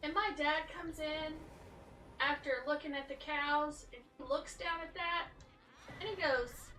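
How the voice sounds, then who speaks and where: A woman's voice: sits high, unhurried, bright, forceful tone, a little hiss or hum. A woman joining a game stream with casual, teasing chat. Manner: teasing, laughing. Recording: roomy, distant from the mic.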